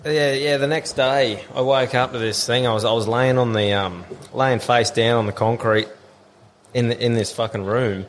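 A man's voice: mid-range voice, steady tone, normal speed, slight background noise. An Australian man telling a story in casual podcast chat, swearing freely and laughing as he goes.

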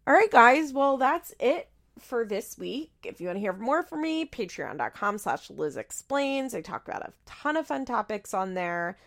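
A young woman podcast host talking in a loose, gossipy recap style, her pitch bouncing up and down a lot. There's a gravelly fry in her voice, and she swears casually and laughs between sentences. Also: sing-song, normal speed, few pauses, a bit bright. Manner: chatty, swears freely, frequent laughter.

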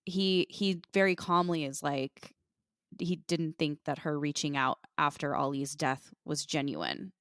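A woman with a deep voice co-hosts a podcast, recapping events in an unhurried, casual chat. She retells things in an animated way, quoting and acting out what others said. The recording is dry and studio quality.

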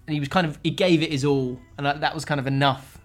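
A man's voice: fairly high pitch, fairly even intonation, fast talker, soft background music. A man hosting a casual football podcast, rambling through stories and laughing as he tells them. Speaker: podcast host.

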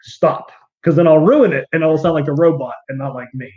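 A rock guitarist talks in a relaxed, earnest way and comes back to the same points again and again. His voice sits a little high for a man. The sound is dull and lo-fi, as on a streamed call. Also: fast. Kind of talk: casual interview chat.

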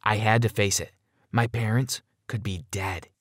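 A man narrating a first-person story in an expressive, dramatic way. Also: fairly low pitch, unhurried, dry recording, studio quality.

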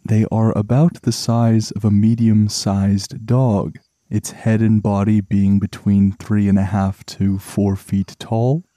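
A man narrates a relaxation podcast in a low, unhurried voice. His tone is deeply mellow and soft-edged, and his delivery is slow and soothing. The recording is dry and close, with no room sound. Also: dry recording. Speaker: podcast host.

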